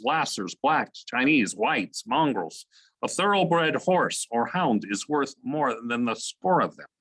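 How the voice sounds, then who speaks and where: A man giving a recorded literature lesson in a conversational teaching manner, asking questions and filling pauses with "okay" and "um". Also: medium pitch, fairly bright tone, low-quality recording.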